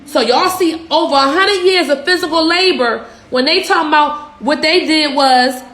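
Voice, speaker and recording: Speaking at normal speed in a high, slightly bright voice, a Philadelphia social media business coach rants on a livestream. She's young, fired up and profane, shooting off rhetorical questions in an echoey room.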